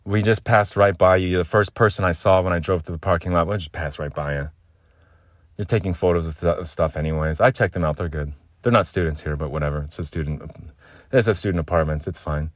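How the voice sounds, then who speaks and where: A man voicing a dismissive male campus police officer in a flat, quiet voice. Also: low-pitched, quick pace, no echo, studio quality, voice pushed down, close to an everyday voice.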